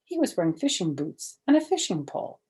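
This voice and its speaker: An older woman reading a children's chapter book aloud, animated in the lively parts and soft and hushed in the quiet ones. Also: lowish voice, brisk, husky.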